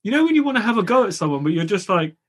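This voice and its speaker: A man's voice: high-pitched, big pitch swings, racing, husky. A man, co-hosting a podcast and telling a story animatedly, swearing freely. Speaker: podcast co-host. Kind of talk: casual storytelling chat.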